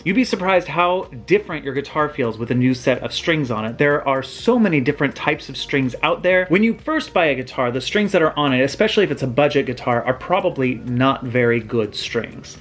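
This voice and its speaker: A man's voice: on the high side, fairly quick, hardly any pauses. A man hosting his own channel, casually walking viewers through a hands-on guitar tutorial in his home workshop, explaining step by step. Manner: relaxed, explains step by step, some restarts. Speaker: guitar builder and channel host.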